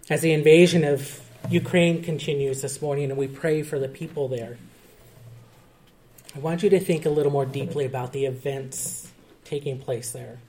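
A male pastor delivering a sermon in an earnest, measured way, with emphatic rises. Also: a little high, a little mellow.

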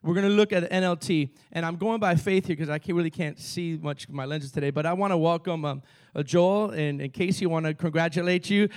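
A man with a Cuban accent, a pastor preaching a sermon to his congregation with energetic call-and-response. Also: on the high side, a little fast, clean tone. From Cuba. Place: church sanctuary.

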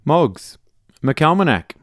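Slow and a little high, with a sing-song lilt, this middle-aged Australian co-host jokes through listener messages in casual podcast chat. The recording is studio quality with no echo.

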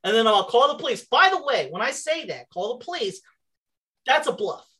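A woman's voice: a little high, a little fast. A woman in casual chat telling a story with exasperated sarcasm, swearing and acting out both sides of an argument. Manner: animated, swears, acts out both sides of a dialogue. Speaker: storyteller on a talk show.

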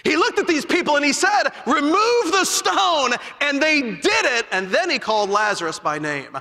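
A man from Chicago delivers an impassioned sermon in a high, ringing voice. His bright tone carries through the long reverb of a large hall. He builds to shouts, then falls to hushed, heavy lines. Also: sing-song, brisk. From south side of Chicago. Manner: impassioned, rising to shouts and dropping to hushed tones. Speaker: preacher.

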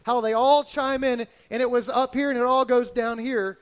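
Male pastor, middle-aged, high-pitched voice, earnest storytelling, emphatic repetition, sermon delivery. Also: fairly even intonation, moderate pace, clear, resonant tone.

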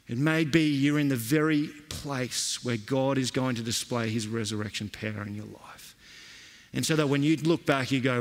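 A man preaching a sermon, telling stories in a lively, conversational way. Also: fairly high pitch, a little fast. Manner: storytelling, animated and conversational. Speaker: pastor. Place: church hall. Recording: long reverb of a church hall.

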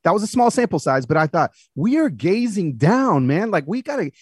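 A man talking as a podcast guest, earnest and animated, telling stories about his faith. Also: sits high, brisk, breathy edge, no echo, studio quality. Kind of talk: casual conversation.

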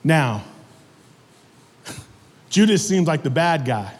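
A man preaching a sermon as pastor, animated and calling out to the congregation for amens. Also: fairly high pitch, very slow, big-room sound. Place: church sanctuary.

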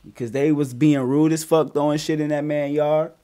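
A man casually telling a story on a podcast, profane and animated, with loud bursts as he acts it out. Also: on the high side, normal speed.

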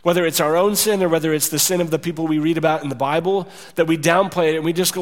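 A man's voice: on the high side, steady tone, quick pace. Man preaching in a reverberant hall. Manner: conversational preaching, acts out quoted voices. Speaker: pastor. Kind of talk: sermon. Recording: long reverb of a large hall.

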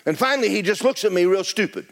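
Male pastor, lively swooping pitch, hushed-to-shouting sermon delivery. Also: quick pace. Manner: animated preaching, swinging from hushed to shouting. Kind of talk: storytelling sermon. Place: church sanctuary.

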